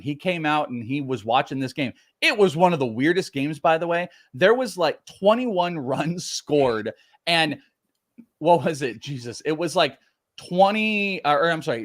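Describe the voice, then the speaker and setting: A man co-hosting a casual sports podcast, teasing and animated in banter. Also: fairly high pitch. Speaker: co-host.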